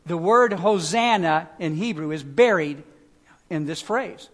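A man preaching a sermon, alternating loud pleading phrases with quiet, low emphasis, in a conversational way with fillers and restarts. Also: expressive, unhurried. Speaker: pastor.

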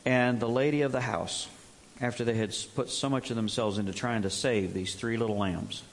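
A man preaching a sermon, telling stories in an animated way. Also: medium pitch, normal speed. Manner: animated storytelling, acts out voices.

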